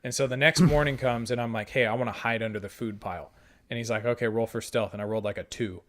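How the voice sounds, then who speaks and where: A man's voice: medium pitch, quick pace. A young man with an ordinary mid-range voice tells a tabletop game story among friends. He swears often and acts out each exchange with the game master. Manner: profane, animated retelling with quoted dialogue. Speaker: podcast host.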